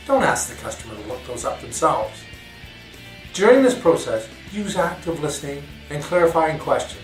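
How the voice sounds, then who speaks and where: A man narrating a customer service training course in a clear, measured way. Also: fairly high pitch, reverberant, recorded from a distance, poor audio.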